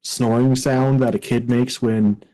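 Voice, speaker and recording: A man describes his character for a tabletop game, pausing often with fillers as he lays out the details. His voice is mellow and dark in tone. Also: mid-range voice, flat delivery, low-quality recording. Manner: halting, many fillers. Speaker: player.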